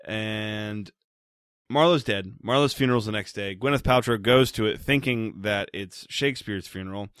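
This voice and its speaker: A man's voice: lowish voice, fairly bright tone, clean tone, no room sound, clean studio sound. A man co-hosting a podcast, recapping a movie's plot in casual, profane, joking chat. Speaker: podcast co-host.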